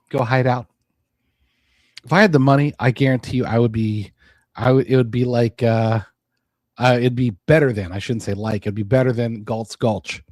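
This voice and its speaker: A male podcast host talking in a loose, rambling monologue and often restarting his sentences. His voice sits at an ordinary middle pitch. The recording is dry and close, with no room sound. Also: a little mellow, no room sound. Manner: rambling, conversational, with frequent restarts. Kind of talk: casual political monologue.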